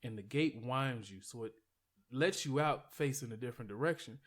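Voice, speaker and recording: A man telling a long story as a podcast guest, in a mid-pitched voice. He rambles loosely, filling the gaps with "like" and "you know". His retelling is animated and casual, with the odd curse thrown in. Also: normal speed.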